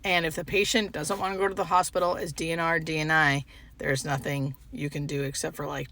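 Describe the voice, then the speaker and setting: A woman hospice nurse records a vlog from inside her parked car, close to tears. Her voice is bright with a gravelly edge, and she halts often and leans on "like" as she talks. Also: low voice. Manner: halting, heavy use of filler "like". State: tearful, fighting back crying. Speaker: hospice home care nurse. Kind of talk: emotional vlog monologue.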